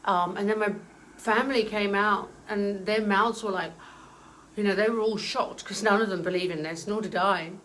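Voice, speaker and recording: A woman in her forties recounts a personal story with earnest feeling. Her voice sits at an ordinary middle pitch, and she halts now and then with soft fillers. A faint hiss of noise runs under the recording. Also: fairly even intonation, low-quality recording. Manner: earnest, emotional, halting with fillers.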